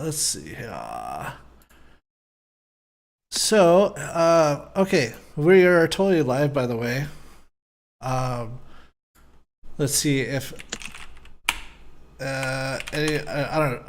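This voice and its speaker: A man's voice: medium pitch, takes it slowly, a little hiss or hum. A man hosting a casual live podcast, rambling and self-deprecating, laughing often as he sets things up. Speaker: podcast host.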